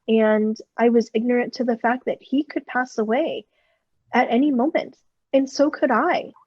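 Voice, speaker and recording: A fairly high-voiced woman minister gives a reflective dharma talk, candid and earnest about her own feelings. The audio is dull and lo-fi, with no room sound at all. Her tone stays calm and personal throughout. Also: dry recording. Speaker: Buddhist minister.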